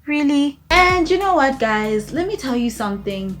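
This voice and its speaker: A woman's voice: on the high side, normal speed, hardly any pauses, soft background music. A young woman from South Africa, casually retelling a personal story as a storytime vlogger, acting out what others said. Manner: animated, acts out quoted lines, frequent "right?" and "you know?". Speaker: YouTuber.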